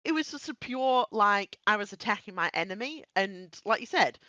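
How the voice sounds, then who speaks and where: A woman talking casually on a podcast, her voice swooping up and down as she gets fired up. Her tone is bright and forward, and she laughs easily and swears freely. The sound is dry and close to the mic. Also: mid-range voice, no room sound, muffled recording. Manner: animated, quick to laugh and swear. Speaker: podcast co-host. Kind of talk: casual chat.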